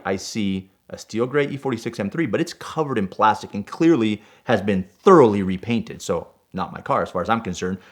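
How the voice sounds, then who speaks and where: Man telling a story, getting worked up. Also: lowish voice. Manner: gets fired up and loud while retelling; punctuates with "right?". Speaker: guest storyteller. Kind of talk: animated personal anecdote.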